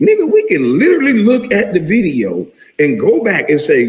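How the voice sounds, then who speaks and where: Man in his 40s, retired athlete, profane heated rant, lively swooping pitch, echoey room with long reverb. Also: moderate pace, few pauses. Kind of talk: casual rant to camera.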